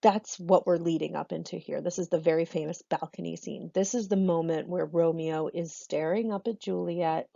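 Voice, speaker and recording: A woman's voice: on the low side, fairly even intonation, normal speed, gravelly, few pauses, warm tone, no room sound, muffled recording. A woman drama teacher giving a recorded online lesson, chatty and self-correcting, laughing often.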